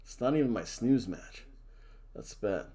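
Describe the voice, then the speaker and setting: A man's voice: mid-range voice, expressive, unhurried, warm tone. A man hosting a casual wrestling predictions chat, jokey and theatrical, hamming up wrestler introductions. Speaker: wrestling show host.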